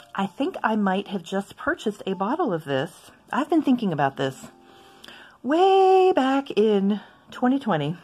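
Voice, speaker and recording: A woman chatting casually as she swatches inks for her video, rambling into asides and gently poking fun at herself. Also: lowish voice, slightly rough. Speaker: stationery vlogger.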